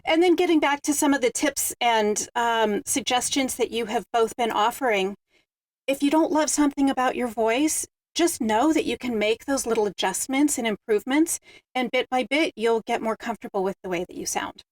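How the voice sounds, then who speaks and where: Woman, host, fairly high voice, reflective storytelling, dry close sound. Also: moderate pace, no room sound. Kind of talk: hosted panel discussion.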